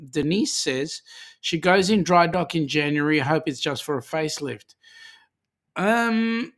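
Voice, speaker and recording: A man's voice: a little high, a bit bright. A man with an Australian accent, originally from South Africa, hosting a livestream and chatting as he reads out viewer comments. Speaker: host. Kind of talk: livestream chat.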